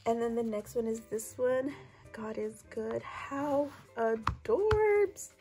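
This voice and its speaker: Hoarse woman gushing about her thrift finds, kinda high pitched, gravelly fry, faint music under it. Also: little pitch movement, unhurried, poor audio. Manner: gushing, chatty, lots of "so pretty". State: hoarse from a lingering cough. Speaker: thrift haul vlogger. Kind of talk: casual haul vlog.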